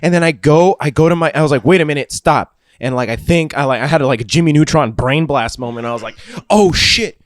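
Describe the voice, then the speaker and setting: A young man hosting a podcast, telling a rowdy story in a profane, animated way and laughing as he goes. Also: a little high, quick pace, few pauses. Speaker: podcast host. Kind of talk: casual storytelling chat.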